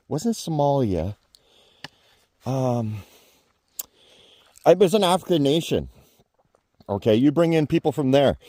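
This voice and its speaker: A man's voice: on the high side, dark tone, no room sound, studio quality. A man giving a blunt, heated political rant to camera as a vlogger, swearing freely. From Canada.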